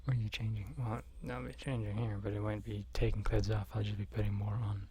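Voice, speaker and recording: A man's voice: on the low side, level tone, brisk, warm tone. A man in a whispered ASMR live stream chat, rambling in dry, joking asides close to the mic.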